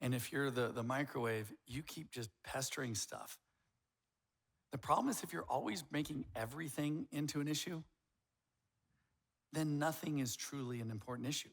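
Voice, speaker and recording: With a gravelly, medium-pitched voice at normal speed, a middle-aged pastor delivers an animated sermon, acting out the voices he quotes.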